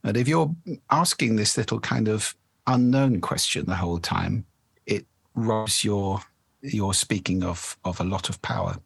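A man with a lowish, slightly husky voice talks about how people speak, measured and articulate. He sounds like an expert guest in an interview. The recording is close and dry, with no room around him. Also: dry recording. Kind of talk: conversational interview explanation.

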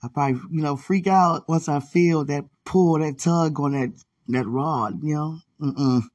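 A man's voice: fairly high pitch, measured pace, a little mellow, dry recording, distant mic. A man hosting a podcast, talking in a rambling, casual monologue with lots of fillers and frequent laughs. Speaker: podcast host.

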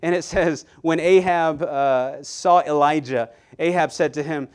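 Animated, clear-voiced male preacher. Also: a little high, unhurried, hardly any pauses. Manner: animated preaching with frequent repetitions and asides to the congregation. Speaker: pastor. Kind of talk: sermon.

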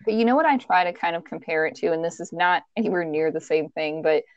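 A woman with a fairly low voice co-hosts a casual true-crime chat. She talks haltingly and gropes for her words. The recording is dull and dry, with no room sound. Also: no room sound. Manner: halting, searching for words with fillers. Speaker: podcast co-host.

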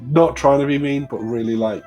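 A man's voice: medium pitch, fairly quick, a little mellow, soft background music. A man narrating a tabletop game as game master, casual, laughing often and swearing freely.

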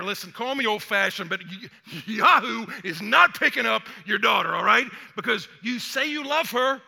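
A man's voice: high voice, animated, moderate pace, gravelly, few pauses, sharp tone. A man in his older years preaching a sermon as pastor, talking conversationally and acting out quoted voices with energy. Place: church sanctuary. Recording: long hall reverb.

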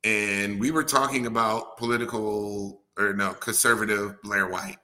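A man's voice: on the low side, steady tone, measured pace, bright, forceful tone. A man hosting a casual podcast chat, laid-back and laughing easily, with casual swearing. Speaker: podcast host.

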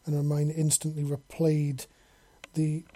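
Reading a storybook unhurriedly, this narrator keeps a flat, even delivery that barely shifts in pitch. A husky, dark-toned voice comes through a close, dry recording, steady and blunt even through the coarse language.

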